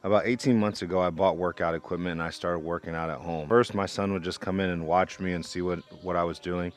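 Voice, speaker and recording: A young man, a father, telling a casual vlog story about parenting in a relaxed, conversational way. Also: sits low, fast talker. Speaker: parent vlogger.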